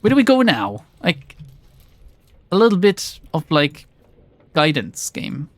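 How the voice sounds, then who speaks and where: Game streamer, lively swooping pitch, sarcastic and exasperated, swears a lot, dry close sound. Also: takes it slowly, no room sound. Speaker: let's play streamer. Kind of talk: casual game commentary.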